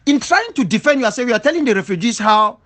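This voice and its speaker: A man's voice: very high voice, expressive, fast, a bit bright. A man from southwest Cameroon, an independence leader giving an impassioned spoken rebuttal, emphatic and full of repeated rhetorical questions. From Cameroon, southwest region.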